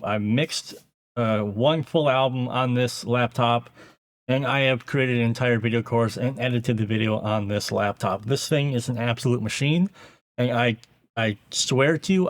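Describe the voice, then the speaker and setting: A man hosting his own channel, telling a casual story to camera and muttering his inner thoughts aloud, with loose fillers and the odd swear word. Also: mid-range voice. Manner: conversational, acts out inner thoughts in a muttered aside voice. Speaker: audio engineer and YouTube host.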